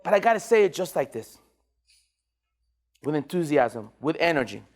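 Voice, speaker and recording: A man leading a motivational sales training, energetic and repetitive, calling on the room to answer back. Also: on the high side, moderate pace. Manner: energetic, repeats phrases, call-and-response.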